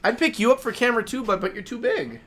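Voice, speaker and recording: A man's voice: very high voice, animated, fast talker, pushed and bright. A man streaming a game live, chatting casually and talking affectionately to his dogs. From Minnesota.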